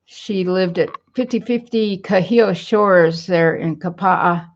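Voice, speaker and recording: A woman with a lowish voice speaks slowly, rambling in a downcast way as she casually vlogs from home and reads viewer comments aloud. She uses a computer webcam mic, and the audio is dull and lo-fi.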